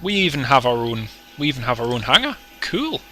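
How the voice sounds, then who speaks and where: Bright, chatty man streaming a flight sim. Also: medium pitch, animated, fast talker, slight background noise, poor audio. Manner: chatty, jokey, greets viewers by name. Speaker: host streaming a flight simulator. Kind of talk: casual livestream commentary.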